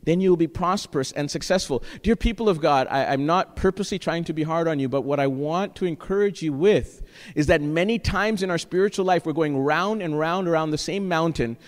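A pastor with a slightly high voice preaches fairly quickly in a church sanctuary, earnest and exhorting, often checking in with the congregation with "right?". The recording carries long church-hall reverb.

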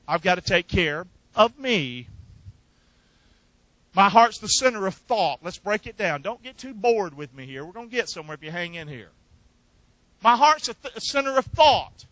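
A pastor delivers his sermon in a high, bright voice, coaxing the congregation to say lines back with him. He rises to loud, emphatic calls, then drops into quiet asides, all captured dry and close. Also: no echo, poor audio. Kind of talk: sermon with call and response.

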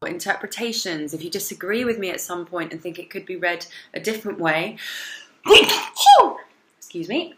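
A woman's voice: on the low side, moderate pace, pauses often, a bit bright. Sniffly woman teaching, echoey room. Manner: breaks off often to excuse herself. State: sniffly, with sneezing fits. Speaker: Shakespeare teacher. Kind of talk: online lesson. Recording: echoey room with faint noise.

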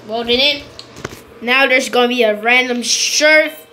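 A woman giving casual, rambling game commentary, excitable and repeating her pleas over and over. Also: sits high, measured pace, a little hiss or hum. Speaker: gameplay commentator.

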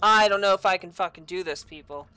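A young woman hosting a gaming channel, giving raging gameplay commentary, swearing and yelling in frustration. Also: mid-range voice, fast, clear, resonant tone.

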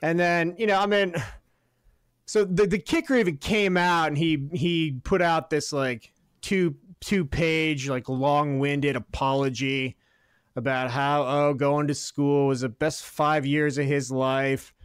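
A man's voice: on the high side, fairly even intonation, slow, smooth, no echo. A man co-hosting a sports podcast, ranting about his team with heated sarcasm and lots of swearing. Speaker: podcast co-host. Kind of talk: profane sports rant.

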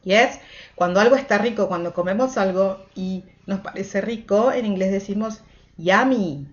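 Woman teaching English to kids, dull recording. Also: medium pitch. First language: Spanish. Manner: sing-song, mixing Spanish and English, drawn-out repetitions. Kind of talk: children's English lesson.

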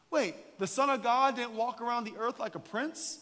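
A man preaching a sermon as a guest pastor, an animated, joking storyteller. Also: very high-pitched, moderate pace, few pauses, big-room sound. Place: church sanctuary.

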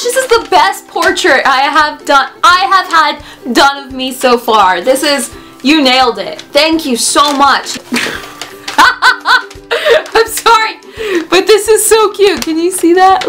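A woman vlogger chatting casually while opening fan mail, gushing and excitable, with frequent gasps and little laughs. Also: very high voice. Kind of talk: casual vlog chat.

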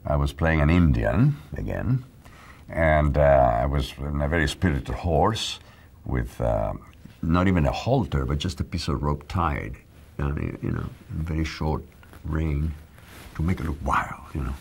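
An older man with a Mexican accent, an actor recalling his career in a reflective interview, speaking in a measured, admiring way. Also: very deep voice, expressive, gravelly, a little mellow, slightly rough. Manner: measured, admiring storytelling with pauses.

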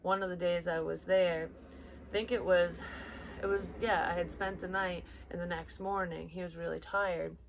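Young female psychic, casual and blunt, curses freely, low-ish voice, faint background noise. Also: steady tone, moderate pace, gravelly. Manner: blunt, heavy swearing, rambling, drops into whispers. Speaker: psychic reader. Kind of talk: casual personal chat.

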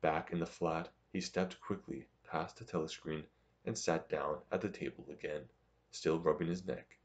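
A man narrating a novel as an audiobook in a steady, measured reading. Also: extremely low pitch.

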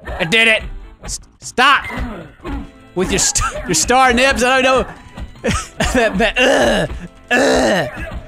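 A man giving gameplay commentary in a giggly, excitable, mock-dramatic way. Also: very high-pitched, slow, creaky, long pauses, music in the background. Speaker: gaming YouTuber.

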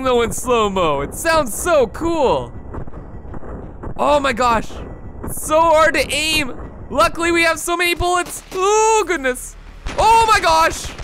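An excitable man commentates on a video game, exclaiming often as he talks to his viewers. His voice sits high and bright, and he keeps an unhurried pace between bursts. Faint game gunfire plays beneath him. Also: slight background noise. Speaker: gameplay commentator. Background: game gunfire and explosions.

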